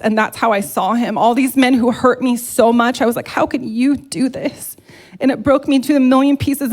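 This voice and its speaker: Earnest woman giving church testimony. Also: fairly high pitch. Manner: emotional, heartfelt, speaks openly and earnestly. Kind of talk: personal testimony to a congregation.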